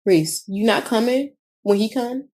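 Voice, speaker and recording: Woman podcast co-host with a slightly higher voice, chatty storyteller who swears freely. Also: unhurried. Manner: animated storytelling, acts out quotes, swears freely. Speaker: podcast co-host, cheer coach. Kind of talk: casual chat.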